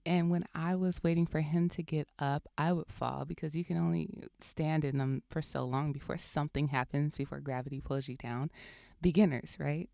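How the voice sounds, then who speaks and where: Young woman podcaster, deep gravelly voice, mellow tone, laughing through a story. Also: no room sound, clean studio sound. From California. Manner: laughs often while telling a story. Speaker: podcast host. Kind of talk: casual storytelling.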